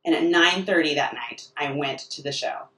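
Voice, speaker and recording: A woman's voice: low-pitched, normal speed, pushed and bright. Woman, comic monologue host, rambling and self-interrupting; echoey room recording. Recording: echoey room, distant mic.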